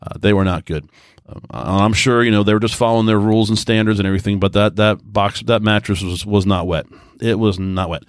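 A man hosting a podcast, telling a long casual story in a rambling, chatty way, full of restarts, easygoing and mellow. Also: on the low side, fairly even intonation, quick pace, smooth, dry recording, clean studio sound. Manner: easygoing, self-described mellow. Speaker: podcast host. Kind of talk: casual monologue.

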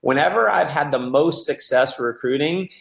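Man, gravelly creaky voice, casual storytelling, network marketing talk, animated quotes. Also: a little high, moderate pace. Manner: storytelling, animated, acts out excited quotes with laughs.

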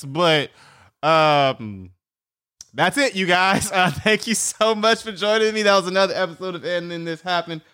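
Brief: male podcast host, very high voice, rambling profane comic monologue, laughs a lot. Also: sharp tone. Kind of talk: solo comedic podcast monologue.

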